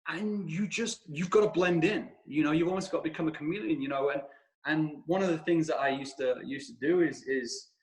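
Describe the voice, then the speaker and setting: A British man, a podcast guest, telling stories in a lively, animated way with frequent restarts. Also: a little high, brisk, low-quality recording. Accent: British, shifting between regions. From England. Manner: animated storyteller, many restarts. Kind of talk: casual conversation.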